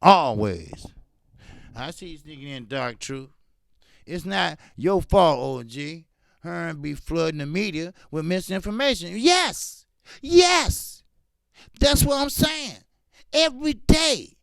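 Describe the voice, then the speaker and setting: Gravelly dude going off on boxing promoters on his stream, repeats himself a lot, dry sound. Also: fairly high pitch, animated, measured pace, fairly bright tone, dry recording. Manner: fiery, repetitive ranting with profanity. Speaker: boxing talk show host. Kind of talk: live-stream commentary, reading chat.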